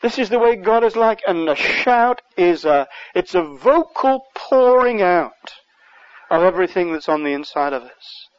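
English male preacher, high-pitched, passionate surges, muffled sermon tape. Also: lively intonation, unhurried, no echo. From England. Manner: impassioned, surges louder on key words.

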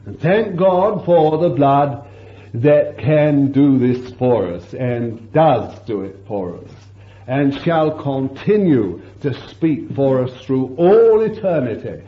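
A man's voice: medium pitch, animated, slow. A man preaching a fervent sermon, breaking into exclamations of praise and asking his listeners rhetorical questions. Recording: echoey dull lo-fi sermon recording.

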